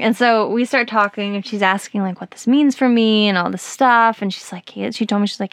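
A woman hosting a podcast, telling a personal story in casual chat, animated and giggly with lots of fillers. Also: mid-range voice, brisk, hardly any pauses, dry recording. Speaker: podcast host.

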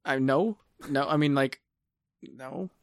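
A man's voice: medium pitch, slow, no echo, studio quality. A man in his thirties co-hosting a podcast, chatting casually and rambling with many restarts, fillers and swearing. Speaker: podcast co-host. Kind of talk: casual chat.

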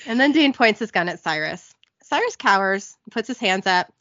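A woman's voice: mid-range voice, moderate pace, no room sound, highs cut off. A woman hosting a casual podcast, giggling as she retells a TV episode. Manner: lively, giggly storytelling. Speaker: podcast host recapping a TV episode. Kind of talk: casual recap chat.

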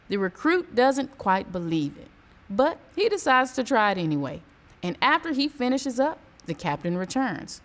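Lively, high-pitched woman host. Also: moderate pace. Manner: playful, reacts loudly to punchlines. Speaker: podcast host reading listener jokes. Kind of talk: casual joke reading.

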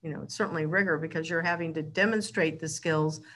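A woman with a slightly low voice hosts a podcast conversation. She shares her views casually, thinking aloud as she goes. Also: fairly even intonation, a little fast, a bit bright. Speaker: podcast host. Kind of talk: podcast discussion.

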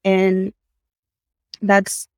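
A woman in her thirties from San Antonio talks easily as an interview guest. She tells stories with animated energy and slips into voices for the people she quotes. Her voice sits at a medium pitch and sounds dry and close to the mic. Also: very slow, smooth, dry recording. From South Side of San Antonio, Texas. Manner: animated storyteller who acts out voices in quotes. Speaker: podcast guest. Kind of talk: casual conversational interview.

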